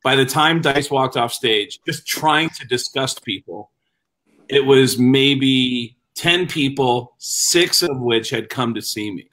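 A man's voice: mid-range voice, slow pace, a bit bright, rough recording. A man co-hosting a comedy podcast, telling a story in a casual, conversational way. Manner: laughing, swearing, conversational.

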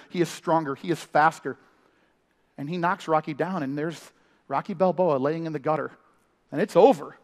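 Animated high-voiced pastor preaching. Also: male voice. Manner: animated storytelling with impressions and humor. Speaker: family ministry pastor. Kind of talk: sermon. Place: church. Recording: live sermon in a reverberant hall.

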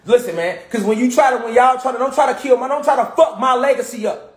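A commentator from Chicago delivers a profane, impassioned rant in emphatic street talk, hammering the same points over and over. His high voice tumbles out quickly, ringing with a roomy echo.

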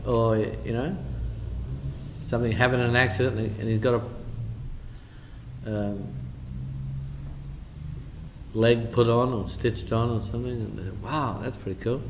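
In a church hall, a pastor gives a midweek teaching a little slowly, his medium-pitched voice showing little pitch movement and broken by long pauses. He stays conversational and emphatic, full of asides and "you know," with background noise on a dull, echoey recording.

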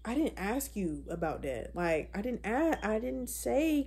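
A young woman in her twenties chats on camera in a blunt, profane, animated way. Her voice is husky, with a dark, mellow tone. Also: fairly high pitch, unhurried. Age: 20s. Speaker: vlogger. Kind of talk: casual chat.

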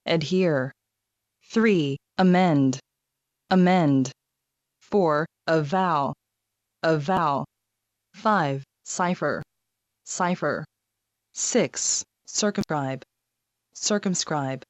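Woman, vocabulary reader, very slow, fairly low voice, dry close sound, each word said twice. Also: no echo. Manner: says each word twice, measured and deliberate. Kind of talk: reading a numbered vocabulary list.

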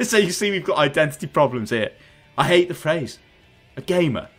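A man's voice: fairly high pitch, very animated, normal speed, a bit bright, faint music behind. Man ranting sarcastically. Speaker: gaming podcast host. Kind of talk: casual ranting chat. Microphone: headset on voice chat.

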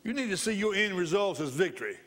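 A man's voice: high-pitched, animated, fast, fairly bright tone. A male pastor preaching a sermon in church, repeating phrases for emphasis and bursting into laughter.

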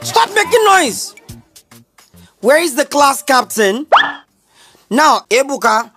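Brief: woman acting a fierce scolding Nigerian teacher, high and slow, faint background hiss. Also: full character voice. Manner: scolding, shouty. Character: strict shouting female schoolteacher. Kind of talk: comedy skit acting.

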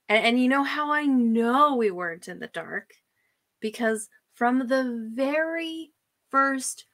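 A woman host delivers a sneering, profane rant. Her voice sits a little high, and she drags her words out slowly. She laughs often and mocks with heavy sarcasm. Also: fairly bright tone. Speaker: channel host. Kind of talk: profane ranting commentary.

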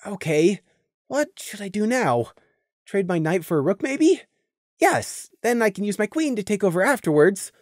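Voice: mid-range voice, big pitch swings, moderate pace, no room sound, studio quality. Narrator doing a competitive pony, muttering. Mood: pondering. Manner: muttering inner thoughts, soft. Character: competitive young male thestral pony. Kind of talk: fan audiobook reading.

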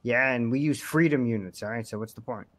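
A man's voice: mid-range voice, fairly quick, slight background noise. A man talking in character during a game roleplay, blunt and mocking, with some swearing.

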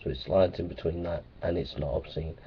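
A man's voice: deep voice, steady tone, a little fast, breathy edge. A man talking casually to his viewers in a rambling, playful way. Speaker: vlogger. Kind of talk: casual vlog talk. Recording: tinny phone-like sound.

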